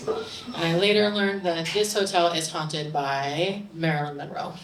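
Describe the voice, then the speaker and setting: A middle-aged woman telling a story on a bar stage, animated and growing loud and excited. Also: low voice, a little slow. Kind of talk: live storytelling to an audience. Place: stage in a bar, audience present. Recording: roomy live recording from a distance, faint room noise.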